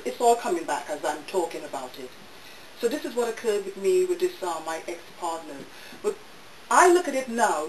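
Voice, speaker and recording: A woman gives emotional personal testimony to a live audience, her voice heard from some distance off the mic. The room is roomy and echoey, with a faint hiss underneath. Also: medium pitch. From United States. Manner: emotional, intense, repeats phrases. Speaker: speaker at a public talk. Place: bookshop event room.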